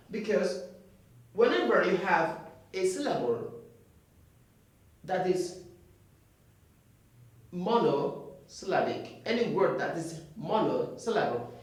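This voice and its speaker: A man's voice: sits high, very animated. A man teaching English pronunciation in a classroom, drilling words by repeating them with emphatic stresses. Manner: slow, emphatic delivery with sudden loud stresses. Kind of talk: classroom lesson. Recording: echoey room, mic far off.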